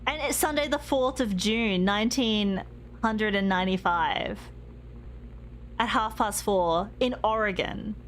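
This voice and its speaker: A woman's voice: medium pitch, unhurried, a little hiss or hum. A young woman streaming a game, chatting casually, reading in-game notes aloud and laughing easily.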